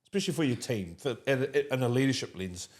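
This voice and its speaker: A man with a New Zealand accent interviewing a guest in a casual, animated way, laughing often and restarting his sentences. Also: mid-range voice, fast.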